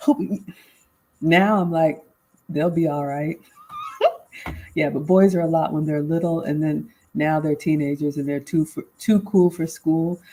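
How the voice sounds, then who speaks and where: A woman's voice: fairly low pitch, fairly even intonation, moderate pace, dark tone, poor audio. A woman in her forties hosting a casual live Q&A, reading viewer comments aloud and answering them conversationally. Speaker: livestream host and life coach.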